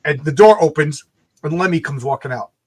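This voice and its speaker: A man's voice: on the high side, a little fast. A man hosting a casual chat, telling an anecdote and acting out the voices of people in it. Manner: animated, acts out voices in anecdotes. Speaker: host.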